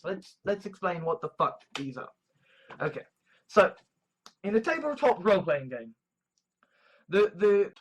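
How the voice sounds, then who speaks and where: A woman from England talking in a rambling, profane monologue full of restarts and swearing. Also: fairly high pitch. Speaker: vlogger.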